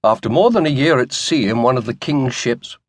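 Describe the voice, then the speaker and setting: A man narrating a historical novel audiobook in a measured, wry storytelling manner. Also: medium pitch, animated, no echo.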